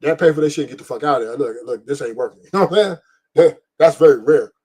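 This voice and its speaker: A man's voice: fairly high pitch, quick pace, a little mellow, husky. A middle-aged man hosting a stream, talking bluntly and profanely in a rambling, casual way and laughing often. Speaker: podcast host. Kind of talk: casual opinion talk on a live stream.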